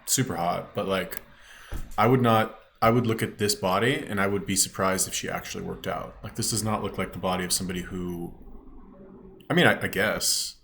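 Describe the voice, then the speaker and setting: A lower-voiced man rants through a reaction video, swearing freely and sounding scornful and blunt. He talks like a YouTube commentator tearing into a clip, casual and unscripted, with faint noise behind him. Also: fairly even intonation, a little fast, creaky, fairly bright tone.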